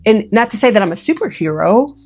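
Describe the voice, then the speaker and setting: A woman, a professional organizer, giving earnest, emotional and gently reassuring advice straight to the viewer. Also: mid-range voice, big pitch swings, fast talker. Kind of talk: heartfelt direct-to-camera advice.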